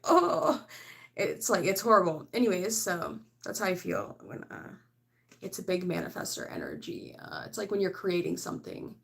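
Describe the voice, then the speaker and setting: A woman doing a casual tarot reading to camera, rambling and frank, full of "like" and "I don't know", with laughs mixed in. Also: on the low side. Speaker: tarot reader.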